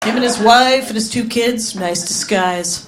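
A woman from Wisconsin doing stand-up comedy, telling animated stories and laughing through her punchlines. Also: fairly high pitch, measured pace, very noisy. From Wisconsin, USA.

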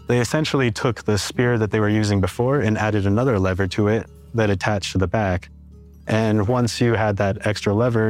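A man's voice: lowish voice, a little mellow. A man explaining in a documentary interview, patient and methodical, often linking points with "and so".

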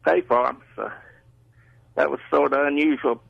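A man's voice: mid-range voice, steady tone, normal speed, gravelly, slightly rough, dry recording. A man calling in to a radio show, plainspoken and telling a rambling anecdote. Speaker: caller. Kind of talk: casual phone storytelling. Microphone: telephone. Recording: phone line call-in.

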